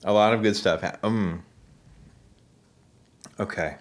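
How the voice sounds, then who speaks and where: A man giving casual, joking taste-test commentary as a host, rambling and halting with fillers. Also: fairly low pitch. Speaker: musician reviewing drinks.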